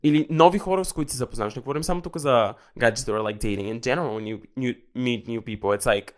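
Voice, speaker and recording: A man's voice: mid-range voice, very fast, hardly any pauses. A young man, hosting a podcast in sassy, dramatic casual chat. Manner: sassy, dramatic, switching between English and Bulgarian. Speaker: podcast host.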